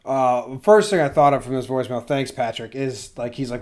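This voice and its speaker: A man's voice: mid-range voice, normal speed, a little mellow. A man co-hosting a podcast in casual chat, teasing his partner and talking baseball. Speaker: podcast co-host.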